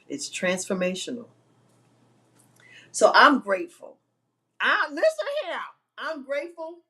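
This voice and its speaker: A woman hosts an inspirational live-stream talk. She tells her story in an animated, emphatic way and leans on repeated phrases. Her voice sits at a middle pitch.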